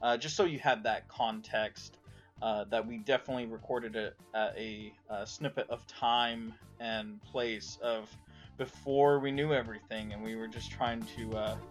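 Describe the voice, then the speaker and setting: A man's voice: fairly low pitch, fairly even intonation, normal speed, faint music behind. Man giving a podcast intro. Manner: plain and explanatory, with many "uh"s. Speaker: podcast co-producer. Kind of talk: spoken episode introduction.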